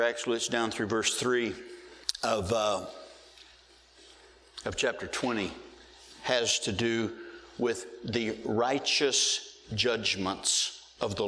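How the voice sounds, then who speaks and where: A middle-aged male pastor preaching a sermon, stretching out key words slowly for emphasis. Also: lowish voice, sharp tone, slight background noise. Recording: hall reverb.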